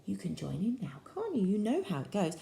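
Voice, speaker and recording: A woman's voice: medium pitch, wildly swooping pitch, fairly quick, vocal fry, mellow, roomy sound. A woman reading a picture book aloud to children in a playful, sing-song way, often asking them questions. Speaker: children's storyteller.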